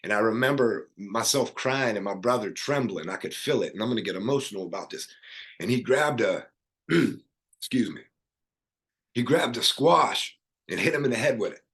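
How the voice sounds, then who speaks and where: A man's voice: fairly low pitch, lively intonation, moderate pace, a bit bright, slightly rough. A middle-aged man, a podcast guest, earnestly telling his life story in casual conversation, rambling with fillers and restarts.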